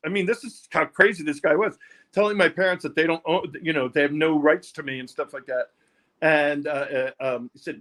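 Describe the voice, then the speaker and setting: Older new guy rambling through a story, kinda high voice, stops and restarts a lot. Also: fairly bright tone. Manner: rambling, halting, repeats words. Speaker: interview guest, music producer. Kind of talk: candid personal storytelling.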